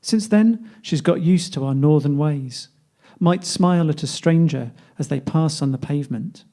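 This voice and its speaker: Male reader, slightly higher voice, warm mellow tone, wry conversational reading. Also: fairly even intonation, moderate pace. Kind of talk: poetry reading.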